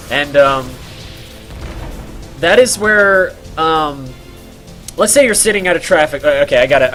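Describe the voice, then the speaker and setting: Male streamer, rambling storyteller, fairly high voice, very lively pitch, faint music behind. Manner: rambling, animated, many fillers and laughs. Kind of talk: storytelling while gaming.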